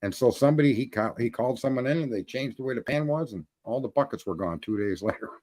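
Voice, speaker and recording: A man's voice: mid-range voice, lively intonation, fast, warm tone, dry recording. A man in casual chat, telling a roofing story in a blunt, profane way. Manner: storytelling, profane, talks through trade details.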